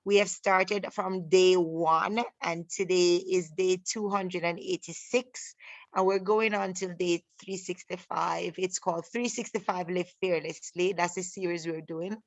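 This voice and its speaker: A woman's voice: on the low side, fairly even intonation, dry recording, lo-fi sound. A middle-aged woman with a Jamaican accent, chatting on a video call and often stopping to restart her sentences. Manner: halting, many restarts and fillers. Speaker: participant. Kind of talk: casual video call chat.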